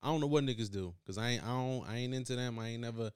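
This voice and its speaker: A man's voice: mid-range voice, very fast, clean tone, dry recording, studio quality. Blunt, opinionated young man. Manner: blunt, opinionated, repeats catchphrases. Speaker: podcast co-host. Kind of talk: casual chat.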